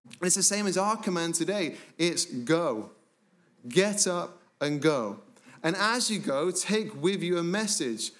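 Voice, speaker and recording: Male pastor, sermon delivery, slightly high voice, emphatic, slows and drops low on key words. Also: expressive, fairly bright tone. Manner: slows down to stress phrases.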